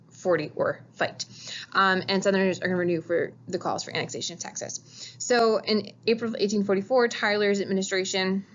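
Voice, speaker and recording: A woman's voice: mid-range voice, highs cut off, a little hiss or hum. A woman teaching a casual recorded history lecture, chatty and informal, pointing at a map as she explains. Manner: chatty, says "gonna" and "like", acts out quotes.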